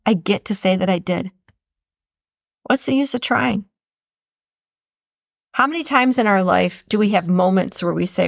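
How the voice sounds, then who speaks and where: A woman's voice: mid-range voice, lively intonation, measured pace, vocal fry, pauses often, no echo, studio quality. A woman hosting a motivational podcast, speaking earnestly and repeating phrases for emphasis. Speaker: podcast host. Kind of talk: motivational monologue.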